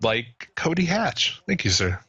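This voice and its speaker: Profane, laughing podcast co-host. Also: male voice, medium pitch, sing-song, a little slow, slightly rough, no room sound, lo-fi sound. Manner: profane, laughing, reads listener shout-outs. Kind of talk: casual podcast chat.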